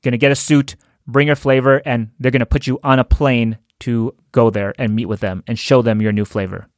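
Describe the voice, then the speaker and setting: A man's voice: medium pitch, steady tone, a little fast, no echo, clean studio sound, close to an everyday voice. A man quoting a stern angry plant manager. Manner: stern scolding.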